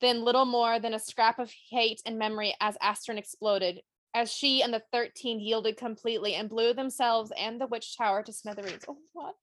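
A woman's voice: on the high side, steady tone, normal speed, a bit bright, no echo. Woman podcast host, dry close sound. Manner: reads passages aloud, emotional, casual. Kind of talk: casual book discussion podcast.

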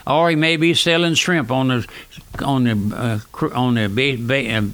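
A man, preaching a fervent radio sermon that swings between raised and hushed lines. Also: mid-range voice, steady tone, normal speed. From South Louisiana. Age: 90s.

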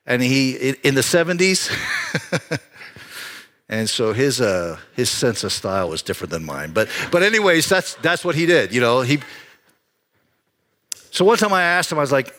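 A man preaching a sermon as pastor, telling a personal story in an animated way with frequent restarts. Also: fairly high pitch, moderate pace, long pauses.

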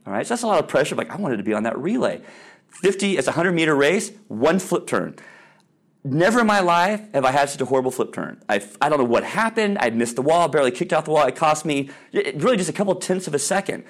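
A man's voice: a little high, fast. A man giving an informal Christian talk to parents, telling stories with many ums and restarts and acting out the voices he quotes. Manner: animated storyteller, acts out quoted voices loudly; casual with frequent ums and restarts. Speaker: speaker on Christian sports parenting.

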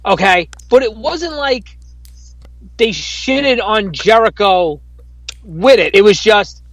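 A man's voice: high-pitched, lively intonation, slow, creaky, a bit bright, dry recording, poor audio. A man co-hosting a casual podcast, arguing his point emphatically and swearing often. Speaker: podcast co-host. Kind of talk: casual wrestling chat.

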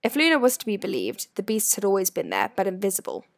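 Brief: female audiobook narrator, lively expressive pitch, dry close-mic studio sound. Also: fast, creaky, dry recording. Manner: expressive, varied reading. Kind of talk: storybook narration.

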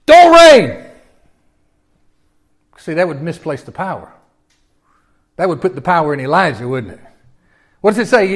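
High-voiced, folksy preacher. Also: male voice. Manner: folksy and animated, with repeated restarts and audience questions. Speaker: pastor. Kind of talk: sermon.

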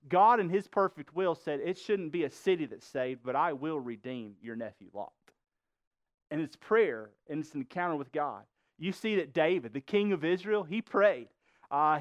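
A man's voice: high voice, smooth, no echo, muffled recording. A man preaching a sermon as pastor, emphatic, often asking the congregation questions. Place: church.

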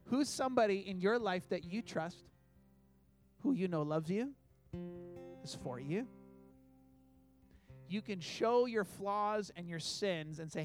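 A man with a fairly high voice preaches from a church stage into a microphone. He talks in an earnest, conversational way and acts out short quoted asides. Soft guitar plays faintly behind him. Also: lively intonation, slow pace, pauses often. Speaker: pastor. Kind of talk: sermon.

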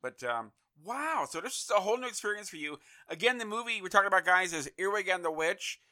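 A man hosts a relaxed interview with a strikingly bright, forceful voice. He rambles and repeats words as he gathers his thoughts, chatting easily with his guest. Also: high voice, fast. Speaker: host. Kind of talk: casual interview chat.

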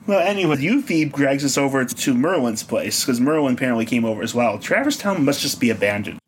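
A man co-hosting a casual gaming podcast, wry and quick to laugh. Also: medium pitch, very animated, a little hiss or hum. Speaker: podcast co-host.

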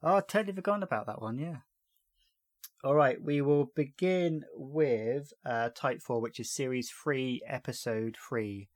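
A man's voice: mid-range voice, measured pace, no room sound. Chatty man hosting a podcast. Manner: chatty, quotes scenes in a dry retelling voice, laughs often. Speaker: podcast host. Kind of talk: casual podcast chat recapping a TV episode.

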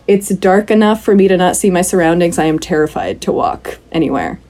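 A woman's voice: lowish voice, animated, a little fast, few pauses, mellow, soft background music. A woman co-hosting a podcast, chatting casually and animatedly about films, acting out quotes and swearing freely. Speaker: podcast co-host. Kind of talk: casual film review chat.

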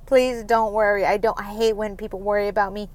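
A woman's voice: mid-range voice, flat delivery, a little fast, dry recording. A young woman hosting a solo podcast, rambling through personal stories with many ums and nervous little laughs. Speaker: podcast host. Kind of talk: casual solo podcast confession.

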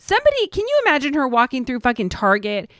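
A woman's voice: sits high, huge pitch swings, quick pace, fairly bright tone, no echo. A woman co-hosting a gossip podcast, blunt and wry, dropping sarcastic asides. Her intonation rises and falls freely. She is recorded close and dry. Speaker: podcast co-host. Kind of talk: casual gossip chat.

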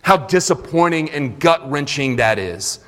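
A man's voice: a little high, lively intonation, a little slow, a bit bright. A man preaching a sermon in a church sanctuary, retelling scripture earnestly with conversational asides. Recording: long reverb of a large hall.

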